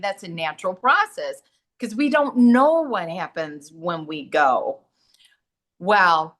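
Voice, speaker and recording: A woman's voice: medium pitch, fairly bright tone. A middle-aged woman, a medium and massage therapist, talking earnestly as a guest and acting out the voices in her stories. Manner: earnest, storytelling, acts out quoted dialogue. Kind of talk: casual talk-show conversation.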